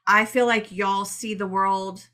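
A middle-aged woman co-hosting a podcast, telling stories in a chatty, animated way. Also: medium pitch, unhurried. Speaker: podcast co-host. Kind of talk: casual chat.

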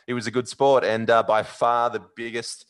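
A man with an Australian accent, a podcast host telling a long story in a rambling, animated way, with many fillers. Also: medium pitch, normal speed, smooth. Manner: animated, rambling, with fillers and loud yelled bits. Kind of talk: casual storytelling.

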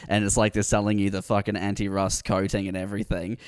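A man hosting a casual chat, relaxed and laughing easily. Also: lowish voice, fast talker, smooth, no room sound.

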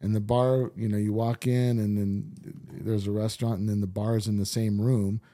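A man's voice: on the low side, little pitch movement, moderate pace, warm tone. Laid-back rambling storyteller man. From Southern California. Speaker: musician guest. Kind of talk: casual storytelling chat.

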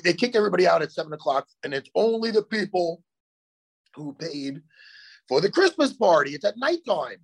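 Brief: high, lively, gravelly, husky-voiced man, swearing co-host in a hotel room. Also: fairly quick. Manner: animated, swearing, storytelling. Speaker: podcast co-host. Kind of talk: casual chat.

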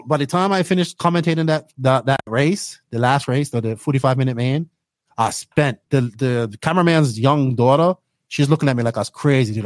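A young man from Bermuda with a fairly high voice, talking as a race commentator being interviewed on a podcast. He tells his stories in an animated, excitable way and acts out his own reactions. The sound is dry and close. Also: no room sound. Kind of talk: casual interview storytelling.

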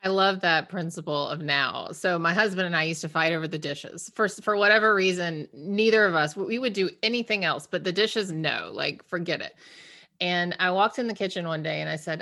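A woman hosting an interview, telling stories in a chatty, lively way and asking questions. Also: mid-range voice, moderate pace. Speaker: podcast host. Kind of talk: casual chat.

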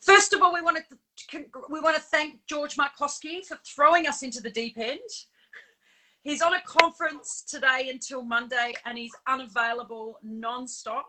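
A woman co-hosting a casual live chat in a chatty, animated way, with frequent fillers and laughs. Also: sits high, moderate pace, background noise. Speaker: co-host.

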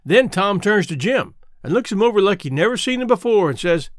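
A man narrates an audiobook in a folksy storytelling dialect. His voice sits high and swings about a lot. The recording is close and dry. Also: very animated, a little fast, hardly any pauses, no echo. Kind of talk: audiobook reading.

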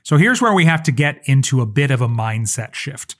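A man's voice: mid-range voice, very animated, a little fast. Earnest man hosting a solo podcast. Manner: conversational, earnest, shares stories and asides. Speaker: podcast host and social media coach. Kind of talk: solo podcast teaching talk.

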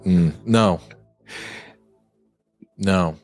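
A man's voice: deep voice, extremely slow, a little mellow, faint music behind. A man cracking jokes in a casual watchalong chat about a film.

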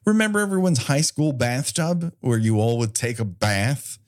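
A man's voice: mid-range voice, animated, moderate pace. A man co-hosting a podcast, chatting casually about a movie with sarcastic, profane jokes and mocking put-on quotes. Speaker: podcast co-host. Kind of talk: casual movie-review chat.

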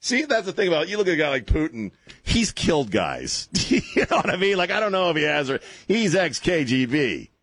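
A man's voice: fairly high pitch, big pitch swings, brisk, fairly bright tone, breathy edge, no room sound. A male talk radio host ranting and mocking on a call-in show, laughing at his own jokes. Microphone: studio microphone.

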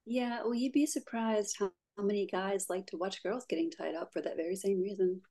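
A woman's voice: mid-range voice, steady tone, a little fast, warm tone. Chatty woman. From Pittsburgh, USA. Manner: chatty, many "like" fillers, laughs easily. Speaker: guest. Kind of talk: casual interview chat.

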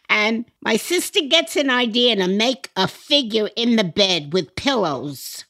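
A woman's voice: fairly high pitch, a bit bright. An older woman co-hosting a podcast, chatty, telling stories with laughs mixed in. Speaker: podcast co-host. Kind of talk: casual chat, storytelling.

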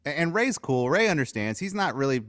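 A man's voice: a little high, very animated, brisk, a bit bright, dry recording, clean studio sound. A man on a radio show, arguing in a defensive, teasing, mock-aggrieved way and laughing often. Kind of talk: bantering radio talk.

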